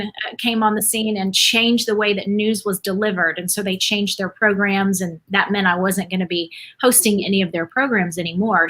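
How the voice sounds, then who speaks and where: A woman's voice: mid-range voice, a bit bright. A middle-aged woman from Dallas, telling her story as a guest in a casual podcast chat. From Dallas, Texas, USA. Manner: chatty, storytelling, laughs easily.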